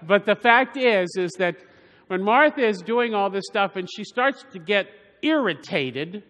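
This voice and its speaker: A man's voice: high-pitched, animated, a little slow, fairly bright tone. A man giving a homily as a preacher, rambling with frequent restarts and asides. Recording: long church reverb.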